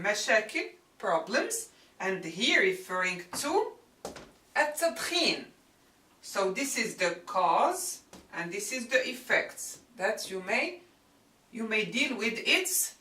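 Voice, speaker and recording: A woman teaches a grammar lesson in a bright, clear voice that rises and falls a lot. She speaks slowly and carefully and works through each example. Her voice sounds a little distant, in a roomy space. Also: fairly high pitch. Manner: deliberate, explains example sentences step by step. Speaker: Arabic teacher.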